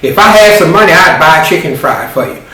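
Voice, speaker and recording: A man's voice: fairly high pitch, animated, a little fast, bright, forceful tone, voice pushed up. A man voicing an exasperated mother who scolds her teenage son. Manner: scolding, raised voice. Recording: very echoey room, distant mic.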